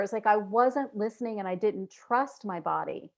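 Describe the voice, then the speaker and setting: A woman guest in a casual interview, earnest and reflective, who acts out inner voices with sudden jumps in pitch. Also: animated, moderate pace, hardly any pauses, dull audio.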